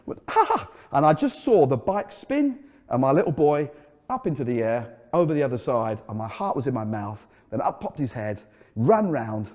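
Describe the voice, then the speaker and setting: A middle-aged man preaching a sermon as a pastor, telling stories and dropping into a soft, earnest tone. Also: mid-range voice. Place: church. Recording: echoey hall. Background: long hall reverb.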